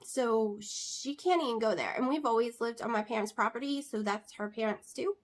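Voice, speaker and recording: A high-pitched woman talks casually to her camera. She rambles warmly from one aside to the next, full of little fillers. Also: normal speed. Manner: chatty, many fillers and asides. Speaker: vlogger.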